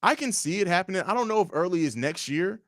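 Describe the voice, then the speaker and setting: A young man hosting a casual livestream, reading viewer comments aloud and answering them in a blunt, profane, animated way. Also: high voice, quick pace, dry recording, clean studio sound. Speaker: livestream host.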